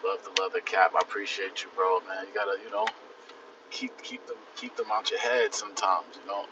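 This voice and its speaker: A young man from the Bronx, New York, rambles in a laid-back, slangy way while livestreaming out and about in the city. His low voice is animated and a little fast. He's far from the mic, so the phone audio sounds dull and picks up background noise.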